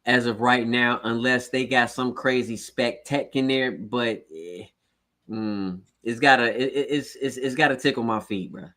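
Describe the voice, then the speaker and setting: A man's voice: mid-range voice, a little slow, pushed and bright. A man co-hosting a casual livestream, talking in a laid-back way, repeating himself and saying "bro" a lot. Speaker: co-host of a sneaker livestream. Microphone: streaming setup.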